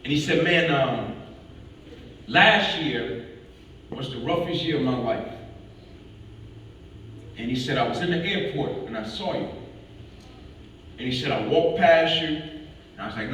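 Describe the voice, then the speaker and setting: A man's voice: mid-range voice, fairly bright tone, a little hiss or hum. A man giving a motivational talk, telling a dramatic personal story and repeating phrases for rhythm. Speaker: motivational speaker. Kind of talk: storytelling speech to a live audience. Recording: echoey hall from far off.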